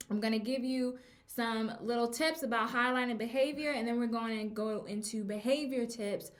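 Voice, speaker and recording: Chatty woman, higher voice. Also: fairly bright tone. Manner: chatty, acts out parent phrases emphatically. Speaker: podcast host and teacher. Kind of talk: casual advice podcast.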